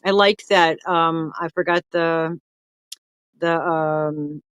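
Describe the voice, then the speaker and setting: A woman's voice: deep voice, fairly even intonation, slow pace, fairly bright tone, smooth, dry recording. Older woman, livestream host, rambling and friendly-chatty, dry close sound. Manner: chatty, greets viewers by name, rambling. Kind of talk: casual livestream chat.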